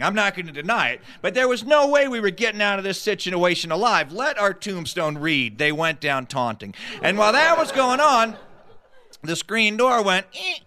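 A man performs a humorous tall tale with an animated, comic delivery full of quick asides. His pitch swoops up and down and his tone sits bright and forward, and his voice is a touch higher than most men's. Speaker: storyteller.

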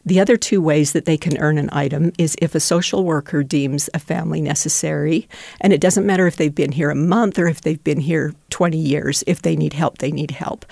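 A woman's voice: sits low, creaky, dark tone, no echo. A middle-aged woman volunteering with refugees, telling heartfelt, devout stories in an interview and getting emotional. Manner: heartfelt, tearful at moments, devout. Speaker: refugee donation center volunteer.

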